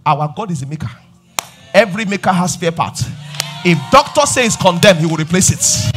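Emphatic Nigerian pastor, high lively voice. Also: male voice, moderate pace, soft background music. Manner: emphatic preaching, shouting and sing-song rises; repeats refrains and calls on the congregation. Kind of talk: sermon. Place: church service.

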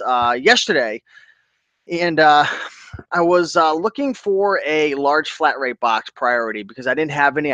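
Hosting a reselling live stream, a man with a fairly high pitch chats casually and with great enthusiasm, animatedly reading viewers' comments aloud and giving them shout-outs. No room sound is audible.

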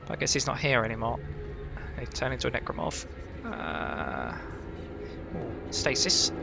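A man hosting a casual let's-play from home, excitable, jumpy and heavily profane. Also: mid-range voice, unhurried, creaky, very noisy. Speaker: gaming channel host.

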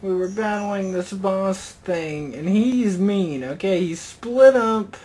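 A man's voice: high voice, takes it slowly, darkish tone, breathy edge. A young man commenting on his own gameplay with rambling sarcasm and lots of "you know". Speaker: gaming channel host. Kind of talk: let's play commentary.

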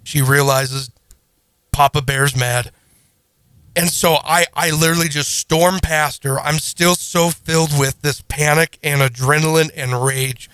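A man in his thirties, a podcast co-host, telling a story in a casual, animated, self-deprecating way. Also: fairly high pitch, measured pace, smooth, no echo.

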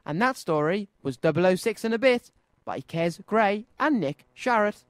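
Lively male children's radio storyteller. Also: sits high, normal speed, no room sound. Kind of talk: storybook read-aloud. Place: radio studio.

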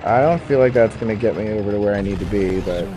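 A man giving casual, excitable commentary while playing a snowboarding game, swinging between mutters and shouts. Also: on the low side, fast, noisy background. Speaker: gaming YouTuber. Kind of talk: casual let's play commentary. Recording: game music behind.

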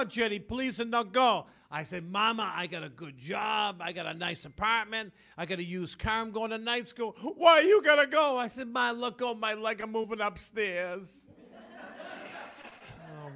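Stand-up comic, male, sixties, high and bright, punchy one-liners. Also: moderate pace, gravelly. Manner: punchy joke delivery, bursts into loud sung parody. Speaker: stand-up comedian. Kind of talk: stand-up comedy set.

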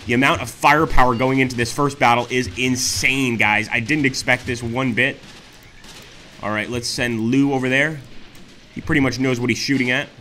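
A man hosting a let's play, commenting excitedly on a strategy war game and often exclaiming to his viewers. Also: medium pitch, normal speed, a little hiss or hum. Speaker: gaming channel host.

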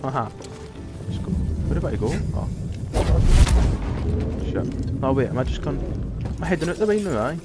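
Excitable, swearing young man gaming. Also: mid-range voice, moderate pace, pauses often, loud music behind the voice. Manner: swearing, excitable outbursts and shouts while playing. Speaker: gamer playing a video game. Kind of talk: casual gameplay commentary.

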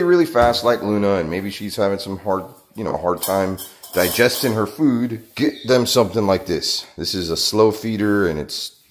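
A man with a lowish voice that swings widely up and down talks casually as he walks around his farm. He chats to viewers between moments of coaxing his animals in a high, playful voice. Faint noise sits underneath. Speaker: farm vlogger. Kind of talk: casual vlog chat. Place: outdoors on a small farm by paddocks and barn.

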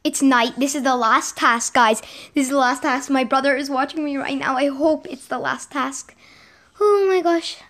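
Young girl, high voice, excitable gaming commentary, repeats exclamations, recorded at home. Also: moderate pace. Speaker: gaming vlogger. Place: home with a sibling gaming nearby.

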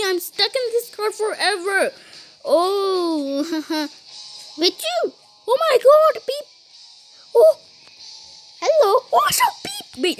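Very high-pitched giggly woman gamer. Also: a bit bright. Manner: giggly, says "beep" in place of swear words. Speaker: gaming YouTuber. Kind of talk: playful gameplay commentary with character banter.

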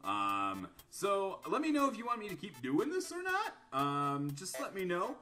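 A man doing let's-play commentary, reading answers aloud in animated voices and laughing often. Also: high-pitched, measured pace, music in the background. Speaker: gaming YouTuber.

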